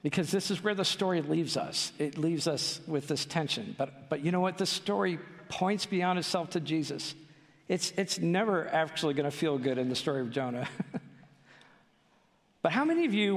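A male pastor preaching a sermon in a church, driving his points home with rhetorical questions and pleading emphasis. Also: a little high. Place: church sanctuary. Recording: long church hall reverb.

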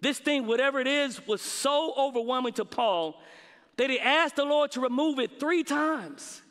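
A man preaching a sermon, with dramatic pauses and emphatic repetition. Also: extremely high pitch, expressive, a bit bright. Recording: long reverb of a large hall.

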